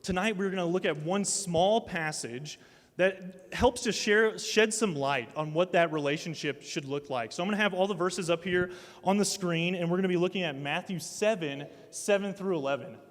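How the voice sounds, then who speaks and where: A man in his thirties speaking at a student ministry night. He gives an animated, self-mocking talk that mixes family stories with a sermon. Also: high-pitched, moderate pace. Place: large hall with a live audience. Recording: long hall reverb.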